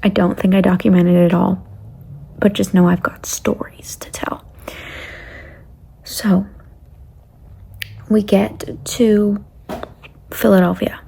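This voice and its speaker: A young woman vlogger telling a casual travel story, rambling along and often dropping to a breathy near-whisper. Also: mid-range voice, little pitch movement, slow pace, pauses often, mellow, a little hiss or hum.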